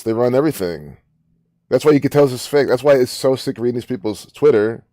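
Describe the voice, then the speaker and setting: A man's voice: on the low side, dark tone, dry recording, studio quality. A man giving rambling, profane, incredulous commentary while reading social media posts. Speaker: online commentator.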